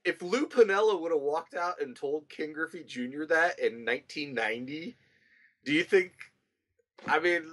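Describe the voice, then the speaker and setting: A man co-hosting a podcast in casual chat, animated and emphatic. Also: on the high side, moderate pace. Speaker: podcast co-host.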